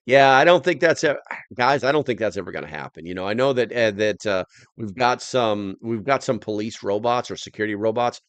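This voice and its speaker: A man's voice: fairly low pitch, animated, a little fast, dry recording. An American man hosting a casual livestream, rambling loosely and reading viewer comments aloud. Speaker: livestream host.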